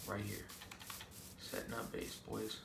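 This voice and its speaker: A man's voice: on the low side, completely flat delivery, unhurried, gravelly, recorded from a distance. A young man giving casual game commentary, joking to himself and yelping when startled. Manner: jumpy, yelps and shrieks when startled, joking self-talk. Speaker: gaming vlogger. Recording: echoey room, off-mic, noisy background.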